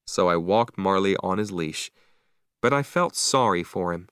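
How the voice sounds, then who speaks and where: A man reading a story aloud slowly and clearly for English learners, with expressive delivery. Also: deep voice, no room sound, studio quality. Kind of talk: slow read-aloud story narration.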